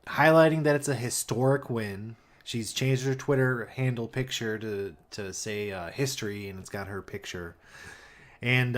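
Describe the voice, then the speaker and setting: A man co-hosting a casual political podcast, dry and sarcastic in a relaxed way. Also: mid-range voice. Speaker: podcast co-host.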